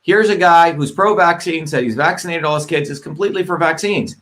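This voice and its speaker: A middle-aged man hosts a livestream in a fairly high voice. He talks emphatically and combatively, hammering the same points again and again and swearing when he gets worked up. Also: a little fast, a bit bright. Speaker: host of a live online show. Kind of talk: live-stream monologue.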